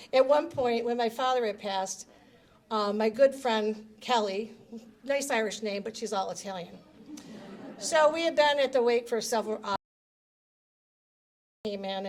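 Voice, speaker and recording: A woman giving a personal speech at a reception, telling family stories with fillers and light laughter. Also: a little high. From United States. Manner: warm storytelling with laughs and fillers, gets emotional.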